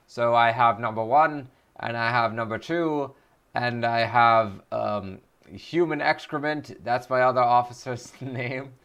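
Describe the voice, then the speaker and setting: A man puts on a mock-stern starship captain, slow and deadpan, voice pushed a little lower. The tone stays clear and smooth throughout.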